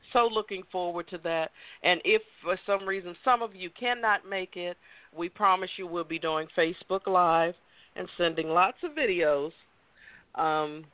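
A woman host chats and tells stories with lots of animation and quick laughter. Her voice comes through a tinny, phone-like line that sounds dry and close, with no room around it. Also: low voice, no room sound. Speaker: talk show host. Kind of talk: casual chat. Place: Maryland.

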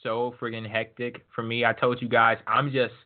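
A man hosting a casual wrestling podcast, talking in a relaxed, laid-back way. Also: medium pitch, moderate pace. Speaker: podcast host. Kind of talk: casual chat. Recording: phone-like lo-fi line.

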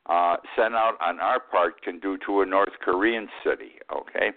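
A man's voice: sits low, normal speed, hardly any pauses. A man in his eighties hosting a radio talk show, giving plainspoken, opinionated commentary. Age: 80s. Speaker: host. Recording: tinny phone-like line.

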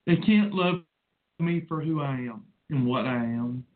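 A man's voice: a little high, lively intonation, measured pace. A man in his forties hosting a rambling personal monologue, emotional and preachy in manner. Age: 40s. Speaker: host. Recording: tinny phone-like sound.

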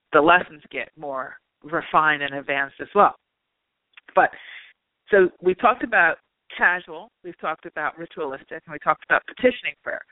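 A man's voice: high-pitched, no room sound. A man hosting a spiritual talk show, chatting casually and peppering his talk with "you know" and "like". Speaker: spiritual reader and show host. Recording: tinny phone-line sound, dry.

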